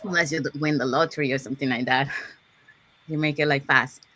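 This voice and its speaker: A woman's voice: rumbling low, steady tone, brisk, bright, forceful tone, a little hiss or hum. A woman hosting an online live session, explaining goal setting step by step, with frequent "okay"s and restarts. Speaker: host.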